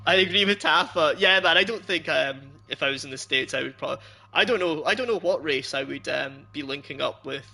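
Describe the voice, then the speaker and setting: A man's voice: a little high, normal speed, vocal fry, sharp tone. A young Scottish man streaming a game, rambling loosely, laughing often as he chats with his viewers. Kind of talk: casual chat while streaming a game.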